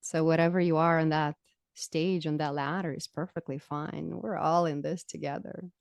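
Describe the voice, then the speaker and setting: Expressive woman guest, low dry voice. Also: moderate pace, gravelly, no echo. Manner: expressive, emphatic, laughs easily. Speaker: podcast guest, spiritual teacher. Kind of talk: casual podcast conversation.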